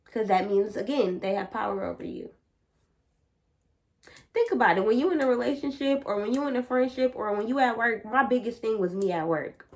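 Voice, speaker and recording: Young woman vlogging, casual spiritual talk, blunt and sweary, lots of slang, animated. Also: fairly high pitch, fairly quick. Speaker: vlogger and tarot reader. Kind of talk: casual spiritual chat to camera.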